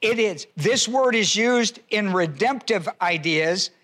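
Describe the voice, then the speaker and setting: A man delivers a teaching sermon, listing scripture references and spelling out words for his listeners. His voice sits high and carries a bright, forceful edge. He slows down to repeat the key points. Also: lively intonation. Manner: repeats key phrases slowly for emphasis. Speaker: preacher.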